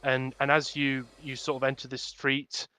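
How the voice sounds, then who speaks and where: A man's voice: mid-range voice, monotone, sharp tone. Man narrating as dungeon master. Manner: halting, many fillers and restarts. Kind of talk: narrating a tabletop game.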